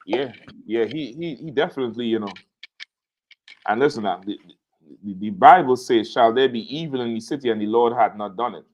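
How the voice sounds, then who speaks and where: A man's voice: medium pitch, a little fast. A man hosting a casual talk show, telling a story with energy and acting out the quotes in it. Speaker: show host.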